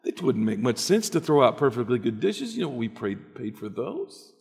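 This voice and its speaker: A man's voice: medium pitch, very animated, moderate pace, gravelly, darkish tone. A man voicing an exasperated husband dodging his wife's awkward questions. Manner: exasperated, flustered. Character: flustered long-married husband, evasive. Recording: echoey hall.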